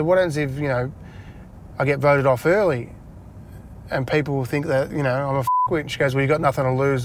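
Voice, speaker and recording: Brief: Australian man, medium pitch, chatty storyteller, laughs a lot, faint car noise behind. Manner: chatty, laughs often, acts out dialogue in a raised voice. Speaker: interview guest, retired footballer. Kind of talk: casual storytelling interview. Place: inside a parked car.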